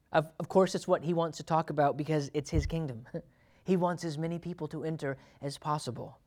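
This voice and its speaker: A man delivers a relaxed, conversational Bible sermon, often laughing softly between points. His voice sits a little high for a man, and he jumps even higher when he plays out quoted lines. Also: moderate pace. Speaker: preacher.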